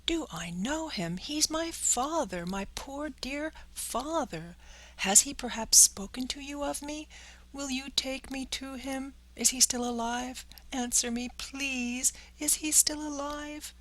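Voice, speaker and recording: A grieving, impulsive puppet boy from a storybook, speaking in a high, pleading, tearful voice at a slow pace, as a woman narrator puts him on. His lines come slowly, one cry after another, each one lifted well above her usual reading voice. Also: fairly bright tone, heavily acted. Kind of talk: audiobook character voice.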